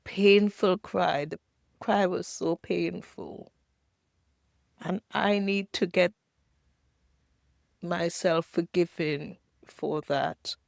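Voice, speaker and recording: An older woman from Jamaica telling her own painful childhood story as a halting, emotional personal testimony. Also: fairly low pitch, a little mellow, dry recording, clean studio sound. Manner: halting, emotional, pausing often.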